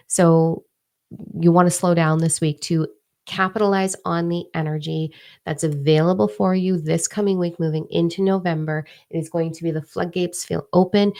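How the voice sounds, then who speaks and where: A woman's voice: lowish voice, creaky, darkish tone. A woman in her forties giving a casual, emphatic live energy forecast as a spiritual reader, repeating her key phrases.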